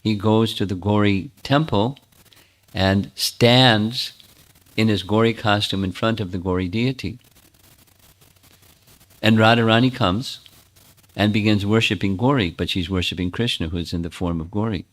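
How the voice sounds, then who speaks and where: A man, a spiritual teacher, retelling a sacred story in a sermon, animated with small restarts. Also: fairly low pitch, normal speed, pauses often.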